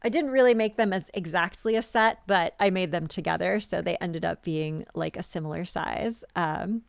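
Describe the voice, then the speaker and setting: A woman's voice: fairly low pitch, moderate pace, gravelly, no echo, clean studio sound. A woman hosting a live stream, chatting casually about her handmade jewelry with many fillers and restarts. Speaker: jewelry designer hosting a live sales show.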